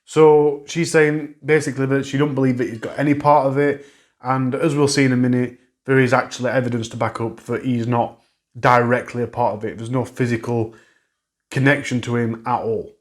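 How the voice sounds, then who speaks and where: A man's voice: medium pitch, steady tone, a little fast. Man recapping a case. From England. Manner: conversational, recapping and correcting himself, regional grammar. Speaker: true crime channel host. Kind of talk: solo true crime update monologue.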